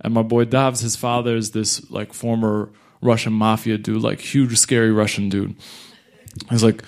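A young man, a stand-up comic, telling a story live and acting out other people's lines. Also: lowish voice. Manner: animated, acts out other people's lines in quick bursts. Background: audience laughter.

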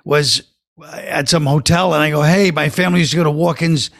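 A man's voice: on the high side, fairly even intonation, fairly quick, creaky, fairly bright tone, dry recording. A man, a guest comedian, telling rambling anecdotes in a dry way. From Brooklyn, New York. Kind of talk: casual chat, storytelling.

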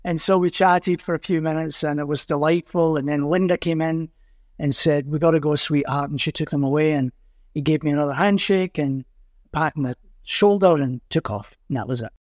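An older man with a Glasgow Scottish accent, a musician guest telling anecdotes in an animated way and acting out the voices of the people in them. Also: fairly high pitch, a little fast, no room sound, clean studio sound. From Scotland. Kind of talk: animated storytelling.

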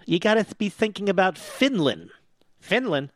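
Animated, sarcastic older male talk host. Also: high-pitched, normal speed, no echo. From US East Coast. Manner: sarcastic, mocking, combative. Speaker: radio talk show host. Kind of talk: opinionated talk radio monologue.

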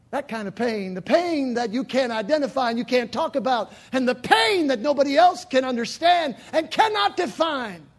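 High husky preacher man, fiery. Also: lively intonation, moderate pace, hardly any pauses. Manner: dramatic preaching, swinging from shouts to near whispers. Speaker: pastor. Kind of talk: sermon. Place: church sanctuary.

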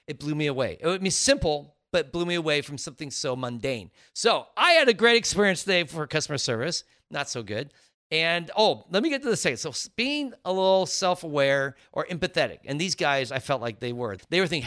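A man's voice: fairly high pitch, fairly quick. A middle-aged man co-hosting a podcast with his wife, telling stories in casual chat and acting out the voices of the people in them. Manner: animated storyteller, acts out quoted voices. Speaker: podcast co-host.

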